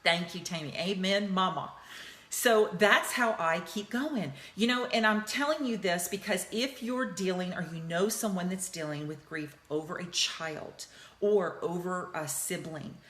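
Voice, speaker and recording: A middle-aged woman hosts a heartfelt motivational live talk from her office, speaking earnestly and personally about grief and healing and checking in with her listeners. Her voice is on the low side, unhurried, and fairly bright, and the office sounds roomy and echoey.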